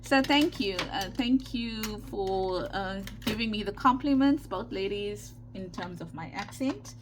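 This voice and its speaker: A woman's voice: medium pitch, measured pace, background noise. Chatty South African Indian woman. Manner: chatty, repeats herself, frequent "okay" check-ins. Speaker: craft channel host. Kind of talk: casual craft tutorial.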